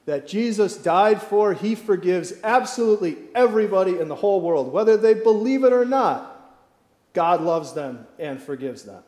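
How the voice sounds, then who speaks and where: A pastor delivering a sermon, slow and emphatic, dropping to soft, quiet phrases for effect. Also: male voice, on the high side, reverberant, long reverb tail. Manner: slow emphatic preaching with dramatic drops in volume.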